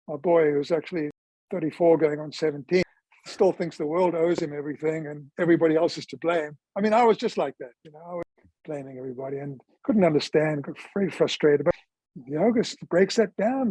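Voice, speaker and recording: A South African man in his sixties with a high, mellow, slightly breathy voice is interviewed casually about his life, on a low-quality recording with no echo. He's a chatty storyteller who acts out quoted dialogue.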